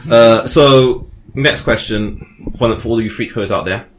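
Casting note: male podcast host, mid pitch, reads questions haltingly. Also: slight background noise. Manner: reads listener questions with stumbles and restarts. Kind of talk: casual group chat.

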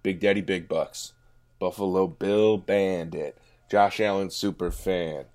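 A man riffing as a comedy panelist, with boastful and self-deprecating jokes. His voice is lowish and his delivery is unhurried. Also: fairly even intonation, darkish tone. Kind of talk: comic improv answers.

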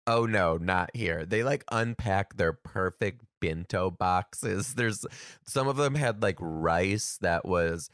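A young man who works as a teacher tells stories in a casual, animated monologue, ranting and exclaiming and often laughing as he talks. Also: deep voice, takes it slowly, no echo, studio quality. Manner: laughs often while talking.

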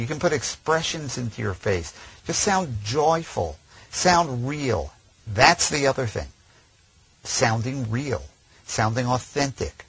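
A man coaching voiceover technique in a measured, friendly instructional talk. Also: mid-range voice, expressive, slightly rough, poor audio. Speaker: voiceover trainer.

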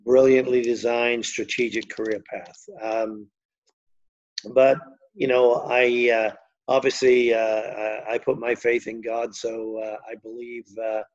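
Older Liverpool man, flat rambling storyteller. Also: mid-range voice, a little slow, lo-fi sound. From England. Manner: rambling, anecdotal, many fillers and restarts. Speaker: guest. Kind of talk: storytelling interview.

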